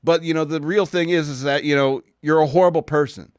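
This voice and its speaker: A man's voice: fairly high pitch, fairly even intonation, brisk, clean tone, no room sound, clean studio sound. A man hosting a podcast, ranting bluntly and sarcastically with many restarts. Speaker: podcast host. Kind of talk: casual opinion rant.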